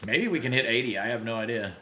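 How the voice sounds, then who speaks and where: A man hosting a casual live game stream, greeting viewers by name and reacting loudly to big plays. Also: mid-range voice, animated, fast talker, roomy sound. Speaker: livestream gamer.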